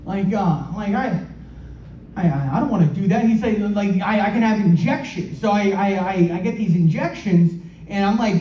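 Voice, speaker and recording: A high-pitched man with a mellow tone performs stand-up comedy in a club, his halting, self-deprecating delivery full of repeated words. The sound is roomy and dull, picked up from a distance. Faint club ambience runs underneath. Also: slight background noise. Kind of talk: stand-up set.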